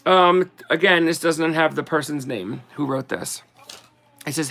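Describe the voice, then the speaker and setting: A woman in a casual video, reading short holiday poems aloud slowly and sing-song, with chatty asides between them. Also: low-pitched, creaky, a bit bright. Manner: giggly, reads verses slowly and sing-song. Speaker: vlogger.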